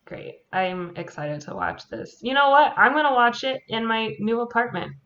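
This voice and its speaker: A woman's voice: a little high, normal speed, vocal fry, a bit bright. A woman co-hosting a casual podcast, teasing and laughing often. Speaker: podcast co-host. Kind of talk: casual chat. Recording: muffled lo-fi podcast audio.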